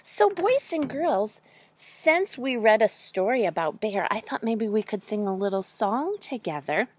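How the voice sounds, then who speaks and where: A woman teacher reading a picture book aloud to young children, animated and full of questions, addressing them directly. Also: a little high, measured pace, slightly rough. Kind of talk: children's story time read-aloud.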